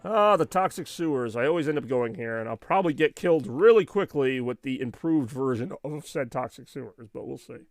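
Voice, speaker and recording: A man's voice: medium pitch, lively intonation, a little fast, hardly any pauses, no room sound. A man rambling and venting in casual chat while streaming live gameplay, with frequent asides. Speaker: gaming streamer.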